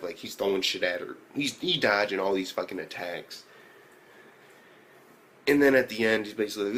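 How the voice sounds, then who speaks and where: A man giving a casual anime episode review, swearing constantly and rambling through fillers, sometimes jumping into excited reactions. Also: slight background noise. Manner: profane, loose storytelling full of fillers; jumps to excited high-pitched reactions.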